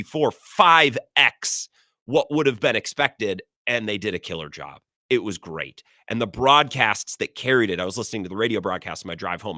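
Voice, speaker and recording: A man hosting a sports talk radio show, giving opinionated takes in a sarcastic, animated way. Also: fairly low pitch, no room sound, clean studio sound. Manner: animated, sarcastic, quick asides.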